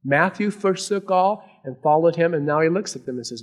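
A man preaching a sermon to a congregation, earnest, swinging between raised emphasis and hushed, quiet lines. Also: on the high side, lively intonation, brisk. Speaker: pastor.

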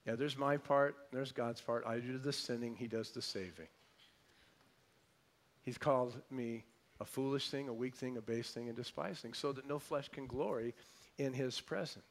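A male pastor preaching a sermon emphatically, repeating phrases and swinging between loud declarations and soft asides. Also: medium pitch, moderate pace.

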